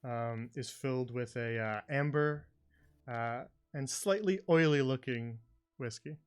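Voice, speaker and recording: A man narrating as dungeon master, relaxed and full of ums and uhs. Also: medium pitch, measured pace, smooth. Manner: filler-heavy, relaxed narration. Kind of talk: narrating a tabletop game.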